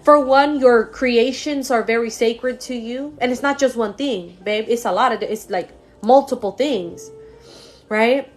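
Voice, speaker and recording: A woman's voice: fairly high pitch, measured pace, soft background music. A young woman giving a live-streamed psychic reading, emotional and gushing, with many repeated words and fillers. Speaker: psychic medium. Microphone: phone or computer mic on a live stream.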